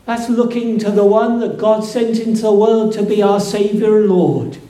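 A man preaching a sermon, slow and emphatic, building to fervent peaks. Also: high-pitched, dark tone. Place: church. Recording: echoey church room.

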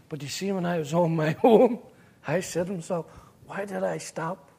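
A man's voice: sits high, measured pace, creaky, dark tone, slightly rough. A man with a Northern Irish accent giving an earnest personal testimony, telling his story vividly and acting out the dialogue. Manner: earnest, at times emotional.

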